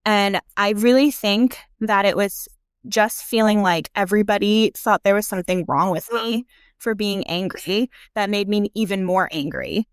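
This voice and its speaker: A woman's voice: mid-range voice, normal speed, clear, resonant tone, no echo, clean studio sound. A young adult woman, a podcast guest, talking frankly about grief and laughing easily. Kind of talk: casual conversation about grief.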